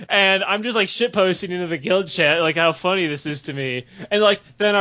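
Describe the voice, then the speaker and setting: A young man spins a rambling, profanity-laced story with loose giggles, his voice sitting a bit high for a man. The audio is dull and lo-fi. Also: steady tone, fairly quick, hardly any pauses, sharp tone. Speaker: podcast host. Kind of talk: casual storytelling chat.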